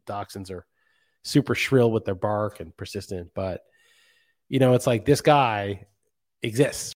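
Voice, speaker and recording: A man's voice: on the low side, darkish tone. A man hosting a casual solo podcast, congested from a cold, rambling reflectively with fillers and restarts. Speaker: podcast host.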